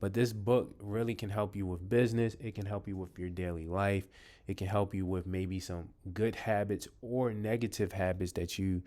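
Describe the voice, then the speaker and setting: Low-voiced man rambling through book picks. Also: darkish tone. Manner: rambling, many ums and restarts; addresses viewers as "you guys". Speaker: vlogger reviewing books. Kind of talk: casual talk to camera.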